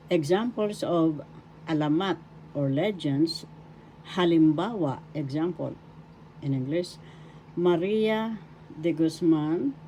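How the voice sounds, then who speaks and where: Slow, low-voiced Filipino woman teaching. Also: dark tone, slight background noise, rough recording. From Philippines. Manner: spells out words syllable by syllable, repeats each word several times. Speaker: language teacher. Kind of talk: slow spoken language lesson.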